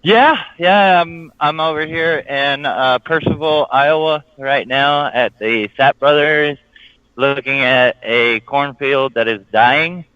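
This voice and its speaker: A man's voice: fairly high pitch, slow pace, bright, forceful tone, clean tone, no echo. Easygoing Southern man on lo-fi line. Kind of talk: casual podcast chat. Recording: dry, dull lo-fi call-in line.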